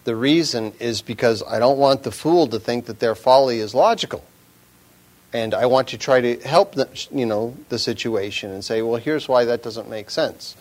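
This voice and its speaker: A man preaching slowly and plainly. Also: medium pitch. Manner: slow, measured, conversational, drops to a whisper at times. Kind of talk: informal sermon.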